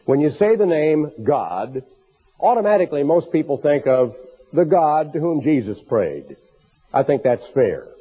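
A man with a hoarse, raspy voice from a bronchial illness, preaching earnestly in a recorded sermon for a tape program. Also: fairly high pitch, big pitch swings, measured pace. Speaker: minister. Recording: tinny phone-like tape recording.

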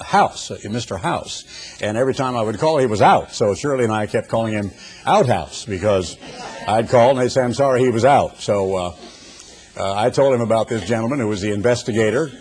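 An older man with a medium-pitched, slightly mellow voice preaches a sermon at a brisk pace. He tells folksy anecdotes with humorous asides before turning to scripture, and there's a little background noise.

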